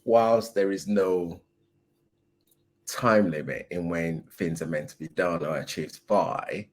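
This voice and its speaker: A man's voice: low-pitched, slow. A man hosting a reaction video, giving a thoughtful, reflective commentary. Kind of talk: casual commentary.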